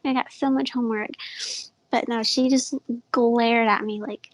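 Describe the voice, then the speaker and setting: A woman's voice: on the high side, fairly even intonation, moderate pace, no echo, low-quality recording. Woman in her thirties with a mousy voice. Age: 30s. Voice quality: small, mouse-like voice. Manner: soft, breathy, giggly storytelling. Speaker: podcast guest. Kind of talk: casual chat.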